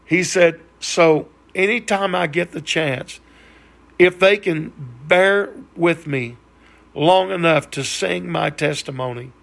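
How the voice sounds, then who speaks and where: A man preaching, slowly and earnestly retelling another man's testimony. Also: a little high, gravelly, fairly bright tone. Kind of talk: sermon storytelling.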